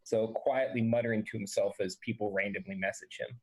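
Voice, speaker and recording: A man's voice: fairly low pitch, steady tone, fairly quick, husky, poor audio. Guy player describing his character, easygoing, you-knows. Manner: easygoing with fillers. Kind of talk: tabletop role-play.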